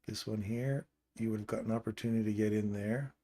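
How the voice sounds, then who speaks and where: Low-voiced man explaining trading charts. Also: fairly even intonation, a little fast, warm tone. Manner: casual, explanatory, pointing at chart levels. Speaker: trading stream host. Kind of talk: live trading chart walkthrough.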